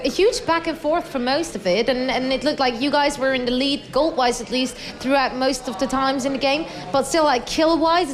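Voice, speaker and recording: A woman interviewing a player after a match, asking friendly, clear questions. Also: sits high.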